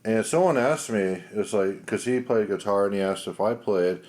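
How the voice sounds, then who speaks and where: Male podcast co-host, low voice, dry and teasing. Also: moderate pace, a little mellow. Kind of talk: casual podcast chat.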